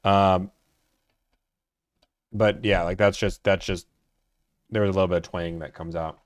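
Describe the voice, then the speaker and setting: A man's voice: low-pitched, steady tone, measured pace, dry recording. Young man from georgia, rambling casual streamer talk, lots of filler, dry close sound. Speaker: car-buying streamer. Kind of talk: casual live-stream chat.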